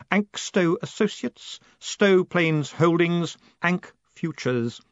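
A man voicing a cold, commanding male city ruler who speaks in a measured, precise, quietly menacing way. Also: a little high, no echo, dull audio, voice pushed up.

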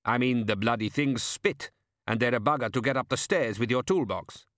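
A man's voice: medium pitch, moderate pace, a bit bright, dry recording, studio quality, lightly acted. A man voicing a bewildered, blunt middle-aged sergeant who talks incredulously. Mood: baffled, grumbling.

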